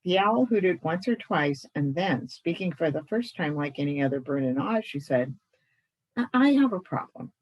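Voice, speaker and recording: A woman reading a children's story aloud in an expressive, animated way. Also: sits low, normal speed, hardly any pauses, rough recording. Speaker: club membership secretary reading a story.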